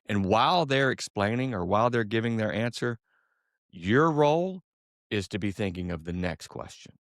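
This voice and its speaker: A man with a very low voice gives calm, measured advice on a podcast. He is recorded on a close, dry mic with no room sound. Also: no echo. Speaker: podcast co-host. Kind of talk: casual podcast conversation.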